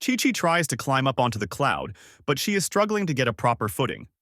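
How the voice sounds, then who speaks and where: Man narrating a fan story with a lively voice. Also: medium pitch, fairly quick, no room sound, clean studio sound.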